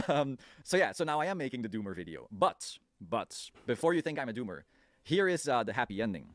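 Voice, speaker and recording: A man telling a casual vlog story in an animated way, laughing often and swearing freely. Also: mid-range voice, a little fast, dry recording, studio quality. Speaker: video creator.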